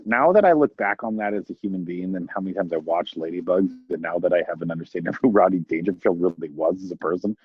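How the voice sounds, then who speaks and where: A man's voice: deep voice, quick pace, hardly any pauses, faint music behind. A man co-hosting a podcast, musing in a bemused, casual way. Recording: husky, dull lo-fi mic.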